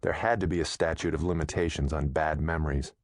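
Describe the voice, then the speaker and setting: A man narrating an audiobook in a steady, measured storytelling manner, close to a studio mic. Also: very deep voice, no echo.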